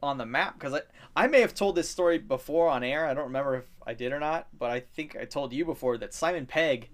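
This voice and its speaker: A man's voice: fairly high pitch, fast talker. A man co-hosting a podcast, telling stories in a rambling casual way with lots of filler and some swearing. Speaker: podcast co-host.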